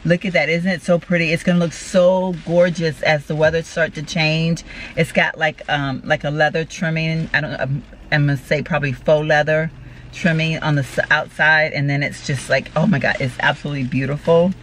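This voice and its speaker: A woman's voice: deep voice, level tone, fairly quick. A woman, talking casually and effusively to her viewers as she unboxes gifts, full of exclamations and heartfelt thanks. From Texas. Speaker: vlogger. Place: parked car. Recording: car with road noise.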